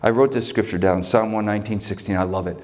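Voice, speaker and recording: Low-voiced man preaching a sermon. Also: steady tone, fast talker, darkish tone. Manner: emphatic, conversational, pitch rises when stirred. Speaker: pastor. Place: church sanctuary.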